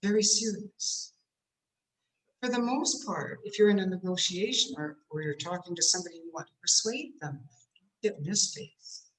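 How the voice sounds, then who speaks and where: A woman's voice: fairly low pitch, lively intonation, normal speed. A woman coaching speakers in an online workshop, talking in a demonstrative way and shifting her tone to show examples. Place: home room on a video call. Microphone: computer mic on a video call. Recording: roomy echo.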